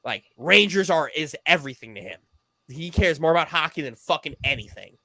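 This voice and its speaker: A man hosting a casual sports podcast, loud and excitable, swearing freely. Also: on the high side, fairly quick, no echo. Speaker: podcast host.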